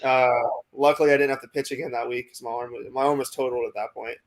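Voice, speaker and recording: This young man speaks in a steady, fairly level tone at a middle pitch, keeping the story loose and rambling. He keeps saying "like" and "you know" and slips into quoted back-and-forth with his coaches. It comes across as laid-back guest chat on a podcast. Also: fast talker. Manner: acts out quoted coaches in dialogue. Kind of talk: casual storytelling interview.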